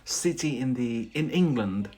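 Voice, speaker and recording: A man giving a casual live-streamed English lesson. He talks at an unhurried pace with a medium-pitched voice. He keeps checking in with his viewers by asking "yeah?". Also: animated, a little mellow, slightly rough. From Scotland. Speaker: English teacher.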